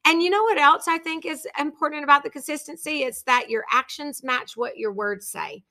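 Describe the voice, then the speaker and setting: A middle-aged woman hosting a podcast in loud, animated casual chat, laughing often. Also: high-pitched, brisk. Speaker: podcast host.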